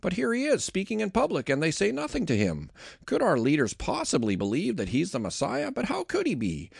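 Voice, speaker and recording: A man reading a crowd of puzzled townsfolk musing aloud, the voice climbing high on their questions. The tone is gravelly and the recording dry. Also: huge pitch swings, brisk, no echo, full character voice.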